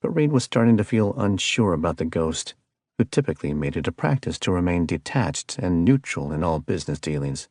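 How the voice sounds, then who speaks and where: A low-pitched man narrates a thriller audiobook from a script in a steady, measured way, with a dry, studio-quality recording.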